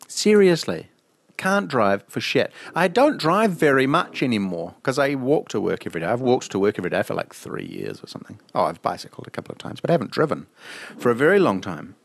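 A man's voice: mid-range voice, vocal fry, no room sound. A man co-hosting a podcast, chatting casually and rambling through stories with frequent laughs. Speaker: podcast co-host. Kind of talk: casual chat.

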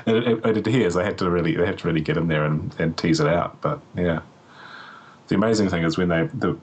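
A man's voice: sits low, fast talker, darkish tone, poor audio. A man with a slightly sick voice chatting casually on a podcast, telling a story with lots of fillers and laughs. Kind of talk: casual chat.

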